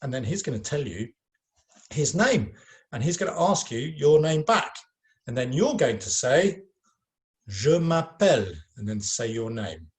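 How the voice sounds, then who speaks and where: A man's voice: medium pitch, very animated, normal speed. A man teaching a recorded lesson to children in an informal, encouraging way, with frequent ums and uhs.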